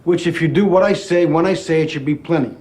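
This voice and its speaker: An actor playing a cool, brisk crime fixer who gives crisp, businesslike commands. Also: male voice, fairly high pitch, a little mellow, lightly acted. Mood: commanding.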